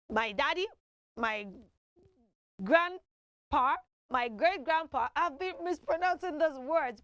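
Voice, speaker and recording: A woman hosting a children's TV show, teaching in an animated way and having kids repeat words after her. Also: high voice, no echo, clean studio sound. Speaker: children's TV host.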